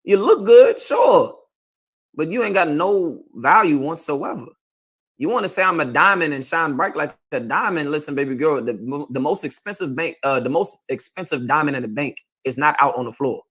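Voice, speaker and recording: A man's voice: on the high side, expressive, normal speed, breathy edge. A man preaching a confrontational sermon as a street preacher, lecturing his listeners and often asking "You understand?".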